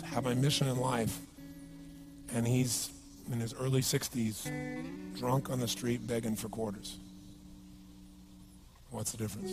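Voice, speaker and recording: Emphatic male motivational speaker. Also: medium pitch. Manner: emphatic, asks the audience questions. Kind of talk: motivational seminar talk. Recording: guitar music underneath.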